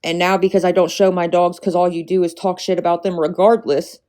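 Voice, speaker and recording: Brief: woman streamer, lowish voice, swears freely, argues with her chat. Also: flat delivery, fairly quick, dark tone. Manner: profane, confrontational, scolding chat. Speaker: livestreamer. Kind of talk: casual livestream rant.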